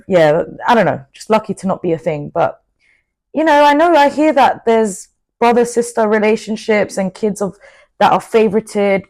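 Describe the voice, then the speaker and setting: An outspoken young woman talks straight to camera in a casual motivational monologue. Her pitch sits in a middle range for a woman. She is animated and keeps dropping in quick asides. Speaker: vlogger.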